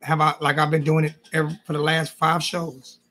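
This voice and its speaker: A man's voice: fairly high pitch, little pitch movement, a little fast, sharp tone. A man hosting a casual sports talk show, loose and joking, often repeating his phrases. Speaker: host. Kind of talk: casual call-in chat.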